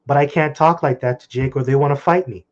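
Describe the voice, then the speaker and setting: A man teaching scripture in an informal, blunt and profane way, swinging from loud outbursts to low muttering. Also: quick pace. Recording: dull lo-fi recording.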